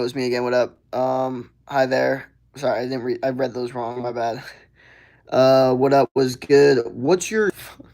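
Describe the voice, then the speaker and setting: Young guy streaming, chill slangy chat, lots of "like", mid-pitched voice. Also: darkish tone. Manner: slangy, rambling with many "like" fillers. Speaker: live streamer answering viewer questions. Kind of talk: casual livestream Q&A.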